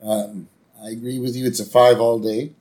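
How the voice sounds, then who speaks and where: A man's voice: medium pitch, little pitch movement, normal speed, dark tone. A man co-hosting a podcast, casually chatting about a cartoon episode. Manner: easygoing, quotes characters in raised voices. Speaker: podcast co-host.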